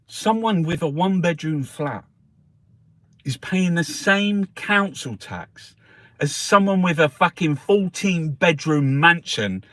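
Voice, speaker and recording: A man's voice: a little high, animated, slow pace, fairly bright tone. A middle-aged man, ranting in angry, heavily sworn commentary as he reviews the newspapers. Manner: angry, sweary, heated rant.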